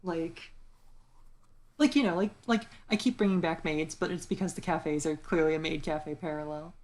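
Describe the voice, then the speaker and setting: A woman's voice: sits low, normal speed, darkish tone. A young woman co-hosting a casual chat, rambling with many fillers and restarts. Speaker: podcast co-host.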